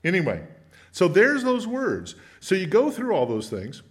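A man's voice: high-pitched, huge pitch swings, a little slow. A man teaching a Bible study in a conversational way, often putting questions to his listeners. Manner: asks the group many questions.

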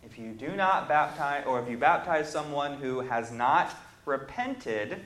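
A man preaching a Bible lesson, reading scripture aloud and then explaining it, building emphatic lists and pausing on fillers as he thinks. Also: mid-range voice, lively intonation, a bit bright. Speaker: preacher teaching on repentance. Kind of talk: Bible class sermon. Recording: echoey room.

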